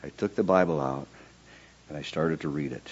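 A man preaches his testimony in a sermon, keeping his voice low and quiet for the story and letting it jump high and loud in reenacted prayers. He speaks at a moderate pace with a slightly rough voice, and the audio is dull.

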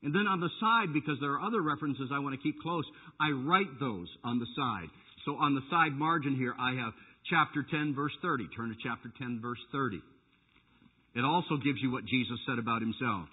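Husky-voiced man preaching a lively sermon. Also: medium pitch, fairly quick. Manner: animated preaching with playful jabs at the congregation. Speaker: pastor. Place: church sanctuary. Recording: tinny phone-like church recording.

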